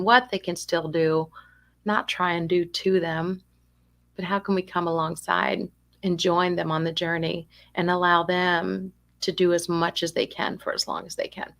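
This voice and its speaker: A woman's voice: lowish voice, gravelly. A woman giving an online talk to family caregivers, telling stories in a chatty way and checking in with rhetorical questions. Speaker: dementia care educator.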